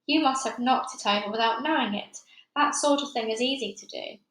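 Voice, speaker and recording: A woman doing a gentle, kind young teacher. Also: on the high side, fairly quick, roomy sound.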